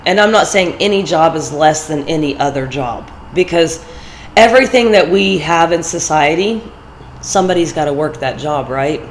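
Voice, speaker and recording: A woman's voice: fairly low pitch, a little hiss or hum, low-quality recording. A woman with a congested voice, rambling and personal as she gives casual motivational talk in a vlog, with fillers between her thoughts. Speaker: vlogger.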